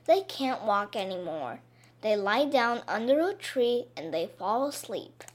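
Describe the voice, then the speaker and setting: A woman narrating a children's story in a clear, expressive way, made simple for learners. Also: fairly high pitch, unhurried.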